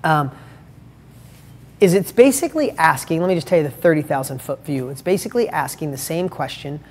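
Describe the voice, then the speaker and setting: A man's voice: a little high, animated, brisk, in a large hall. A middle-aged man hosting a motivational live stream, talking in an emphatic, heartfelt way and pressing listeners with rhetorical questions. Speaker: host.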